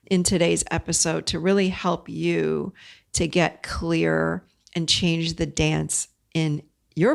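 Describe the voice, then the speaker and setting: A woman's voice: deep voice, creaky. A middle-aged woman hosting a solo podcast, talking earnestly and directly to her listeners as she coaches them. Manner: earnest and direct, addresses listeners as "you guys". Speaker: podcast host.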